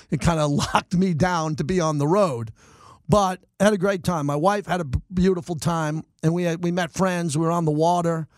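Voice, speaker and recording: A middle-aged man hosting sports talk radio, ranting in animated bursts and mocking his critics. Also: fairly high pitch, no room sound, studio quality. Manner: animated, rants and mocks in quick bursts. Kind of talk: fired-up sports talk monologue.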